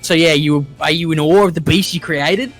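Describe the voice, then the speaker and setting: A man putting on a loud, stereotypical Australian accent, voicing a brash, swearing Australian bloke. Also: fairly high pitch, normal speed, soft background music. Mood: boisterous. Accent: Australian, put on.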